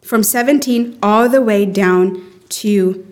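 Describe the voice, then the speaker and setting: A woman leading a lively group Bible lesson, acting out the quotes with sudden jumps in pitch as she questions her listeners. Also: slow. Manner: animated, acts out quotes with rising pitch. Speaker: Bible study teacher.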